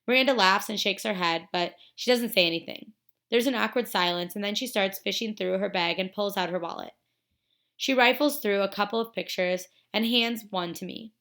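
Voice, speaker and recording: A woman teacher reading a novel aloud to students in a steady, expressive storytelling manner. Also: medium pitch, moderate pace.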